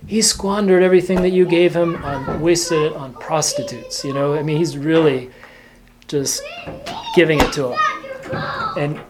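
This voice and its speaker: A man giving an earnest, informal teaching talk as an Orthodox Christian, speaking in short, gentle phrases. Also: on the high side, fairly even intonation, normal speed, very noisy.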